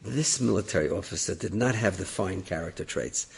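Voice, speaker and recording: A rabbi telling a story dramatically, acting out the characters. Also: male voice, low voice, expressive, a little fast, vocal fry, breathy edge. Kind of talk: animated storytelling.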